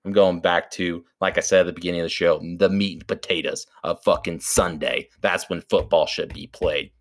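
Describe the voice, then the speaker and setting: A man co-hosting a podcast, brashly pitching sports bets in casual, swearing chat. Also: fairly even intonation, fairly quick. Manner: brash, swearing, calls his co-host baby. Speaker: podcast co-host.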